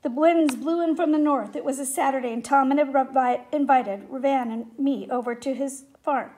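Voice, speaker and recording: A woman reading a children's story aloud with gentle, expressive storytelling. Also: sits high, moderate pace. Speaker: story reader.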